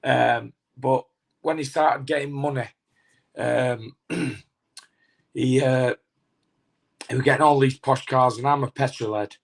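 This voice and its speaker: A middle-aged man tells an anecdote in a casual interview, halting often with restarts and fillers. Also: medium pitch, steady tone, creaky. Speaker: former boxer, interview guest.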